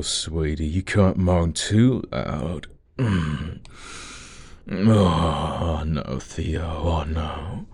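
A man's voice: very deep voice, breathy edge, no room sound. A young adult man performing an adult audio role-play, speaking close to the mic in a teasing, commanding murmur.

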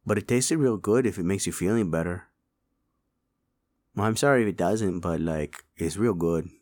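A man's voice: low-pitched, normal speed, a little mellow. A man voicing a small, hungry male chupacabra who is cheeky and boastful, slipping Spanish words into his English. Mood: indignant. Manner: mixes Spanish words into English, whiny and pushy. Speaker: voice performer.

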